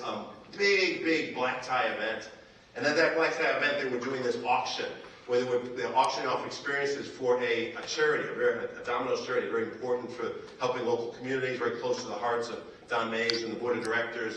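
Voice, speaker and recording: A man giving a conference keynote, telling a story with animated, acted-out quotes from the stage. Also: mid-range voice, a little hiss or hum. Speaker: keynote speaker. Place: large conference hall. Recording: echoey hall, mic from a distance.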